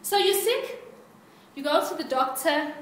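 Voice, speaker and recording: Lively woman preacher, high voice, quizzing the congregation, recorded from far off in an echoey church hall. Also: measured pace. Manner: playful, asks the congregation questions, laughs often. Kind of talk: interactive sermon. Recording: echoey hall, distant mic, background hiss.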